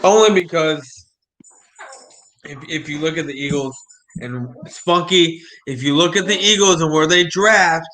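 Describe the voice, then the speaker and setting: A man hosting a casual chat, rambling in a relaxed way and repeating words as he talks. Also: fairly high pitch, unhurried.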